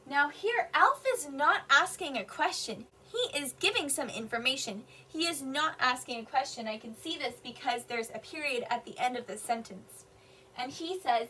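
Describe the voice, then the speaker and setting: A woman kindergarten teacher reading a picture book aloud to young children, slowly explaining each sentence in simple words. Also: high voice, lively intonation, bright, forceful tone. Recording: voice a bit distant from the mic.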